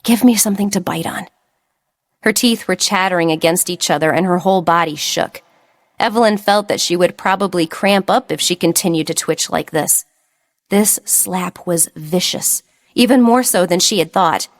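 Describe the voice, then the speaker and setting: A woman's voice: fairly low pitch, moderate pace. A woman reading a romance novel aloud as an audiobook narrator. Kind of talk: scripted narration.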